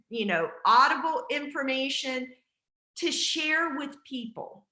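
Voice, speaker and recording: Bright encouraging woman on a call. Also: high voice, reverberant. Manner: chatty, encouraging, with fillers. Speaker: team leader hosting a video call. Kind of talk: casual team call. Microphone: video call.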